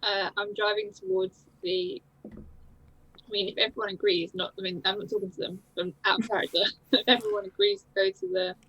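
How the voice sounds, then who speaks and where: A woman's voice: mid-range voice, lively intonation, fairly quick, creaky, pushed and bright, slightly rough, dull audio. A woman chatting casually as a player at a tabletop game, hesitant and giggly.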